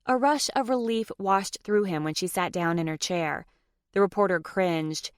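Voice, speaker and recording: A woman reads a romance audiobook in a measured, even storytelling voice at a middle pitch. The recording is close and bone dry, with no room around her. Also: smooth, dry recording. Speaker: audiobook narrator. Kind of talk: scripted narration.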